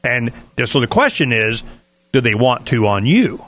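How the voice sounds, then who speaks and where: A man's voice: medium pitch, very animated, unhurried, a bit bright. A man hosting a talk radio show, brash and jokey, cutting in with quips.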